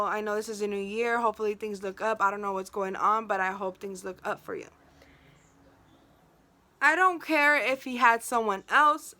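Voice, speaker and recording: Bright-voiced young woman venting a story. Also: a little high. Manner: emotional, venting, lots of "like". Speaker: tarot reader telling a personal story. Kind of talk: casual storytelling vlog.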